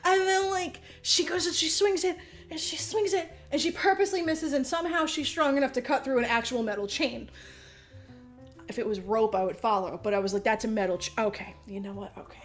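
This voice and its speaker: A woman's voice: high-pitched, steady tone, fairly quick, soft background music. A woman podcast host giving a casual comedic movie recap, rambling, swearing freely and laughing as she talks. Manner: profane, rambling, laughs often while telling.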